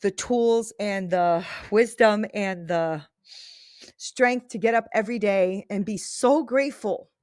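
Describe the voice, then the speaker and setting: A woman's voice: mid-range voice, slow, darkish tone, no echo, studio quality. A woman in her thirties hosting a faith-based podcast, talking casually and earnestly, often checking in with "right?". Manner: earnest, emphatic, often tag-asks "right?". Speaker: podcast host.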